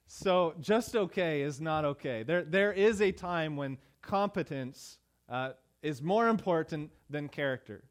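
A pastor preaching a sermon in a conversational way, with many "uh" fillers and emphatic repeated phrases. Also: male voice, a little high, expressive, unhurried, hardly any pauses, clear, resonant tone. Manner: emphatic rhetorical repetition.

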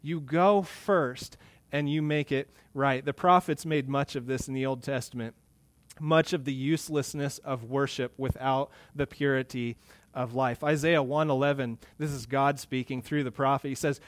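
A male pastor preaching an earnest sermon, rising louder when he quotes scripture. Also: mid-range voice, normal speed, dry recording.

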